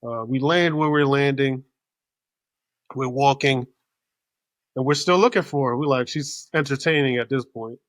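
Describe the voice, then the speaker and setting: A man hosting a podcast, telling a casual story in an animated, profane way. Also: mid-range voice, normal speed, pauses often, dry recording. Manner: animated, profane, acts out other people's voices. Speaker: podcast host.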